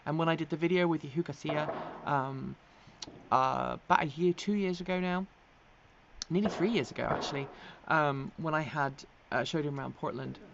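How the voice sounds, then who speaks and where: With a low, gravelly voice and a moderate pace, an English host of an electric vehicle news live stream chats casually and responds to viewer comments. She laughs frequently, says um a lot, and sometimes lets her accent slide toward American. The audio is dull and has background noise.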